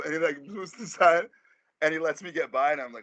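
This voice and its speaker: Male rapper guest, quick and slangy, rambling storyteller, mid-pitched, dry muffled call audio. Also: animated, bright, forceful tone, no room sound. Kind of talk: casual storytelling in an interview.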